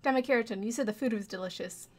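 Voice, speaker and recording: A woman's voice: fairly high pitch, fast talker, a little mellow, faint music behind, natural voice. A woman reading the lines of an eager small male bird assistant in a game, reading them aloud in a plain voice. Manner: reads game dialogue aloud.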